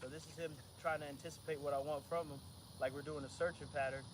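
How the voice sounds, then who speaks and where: Male dog trainer, slangy and relaxed, fairly high voice, outdoors with noticeable background noise. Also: fast. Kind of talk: casual training demonstration.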